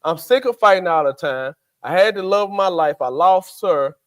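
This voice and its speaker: Animated man. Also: high-pitched, moderate pace. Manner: animated, acts out quotes in character voices. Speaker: podcast co-host. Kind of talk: casual faith talk.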